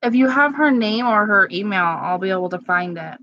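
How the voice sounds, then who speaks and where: A woman chatting casually with live-stream viewers at home, candid and quick to laugh. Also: medium pitch, expressive, no room sound. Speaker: livestream host. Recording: slightly dull lo-fi sound.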